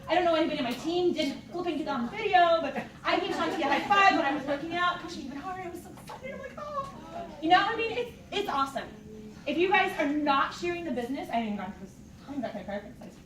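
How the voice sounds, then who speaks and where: Bubbly high-voiced woman in an echoey room. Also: fairly bright tone. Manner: bubbly, enthusiastic, laughs often. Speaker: fitness coach speaking at a team meeting. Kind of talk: casual motivational talk to a live group. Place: meeting room with an audience. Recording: echoey room, distant mic, noisy.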